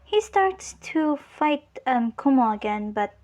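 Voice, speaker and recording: A young woman makes up a fan story as she goes, pausing often and filling gaps. Her voice is high and she talks slowly. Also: lively intonation, a little mellow. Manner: hesitant, many fillers. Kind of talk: improvised fan story narration.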